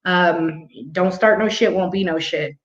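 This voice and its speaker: A woman's voice: fairly low pitch, a little slow. A young adult woman telling a story in a casual monologue, blunt and profane, laughing now and then. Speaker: vlog host. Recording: roomy, muffled home recording.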